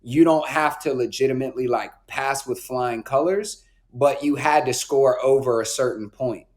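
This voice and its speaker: A man in his twenties from North Carolina, a podcast guest telling stories in a relaxed, slangy way with plenty of "like" and "bro". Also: medium pitch, normal speed. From Raleigh, North Carolina. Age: 20s. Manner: laid-back slang, frequent "like" and "bro". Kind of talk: casual storytelling.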